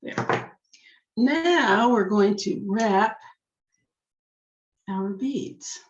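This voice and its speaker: Slow, slightly hoarse woman teaching jewelry. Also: medium pitch, animated. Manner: chatty, talks to herself while working. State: slightly hoarse, losing her voice. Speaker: jewelry-making instructor. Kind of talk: step-by-step craft demonstration. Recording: echoey room, dull lo-fi sound.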